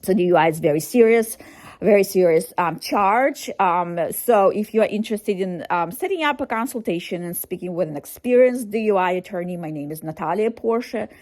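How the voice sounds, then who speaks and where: A woman's voice: medium pitch, lively intonation, normal speed, a little mellow. Hesitant woman lawyer, many fillers. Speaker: defense attorney. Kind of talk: informational video to camera.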